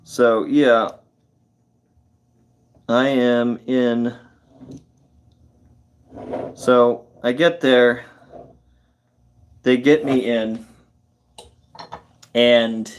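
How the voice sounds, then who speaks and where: Host: a man spinning a yarn while he works, slow and unhurried, lots of fillers and self-corrections. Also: mid-range voice. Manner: rambling, halting, many fillers and self-corrections; chuckles through the telling. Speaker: carpentry livestream host. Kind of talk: casual storytelling while working.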